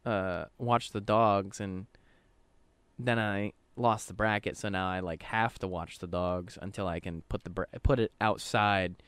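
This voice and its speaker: A man with a low, smooth and resonant voice, chatting casually on a podcast. He rambles from point to point and swears freely. The sound is close and dry, with no room around it. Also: fairly even intonation, measured pace, fairly bright tone, no room sound. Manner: rambling, swears often, quotes others in his own voice. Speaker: podcast co-host.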